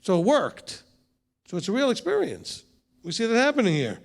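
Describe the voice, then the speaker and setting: A man's voice: sits high, huge pitch swings, normal speed, gravelly. A rabbi leading a conversational Bible teaching session with a group, asking rhetorical questions and teasing his listeners. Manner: talks straight to the room, rhetorical questions, teasing asides.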